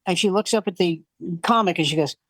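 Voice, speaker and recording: An older man in his seventies or beyond, a veteran comic, rattles off club stories in a casual, animated way. He slips into the voices of the people he quotes. The sound is dry and close. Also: high voice, fairly quick, no echo. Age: 70s or older. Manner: animated storyteller who acts out quoted voices. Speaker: veteran comedian guest. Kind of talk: casual anecdote telling.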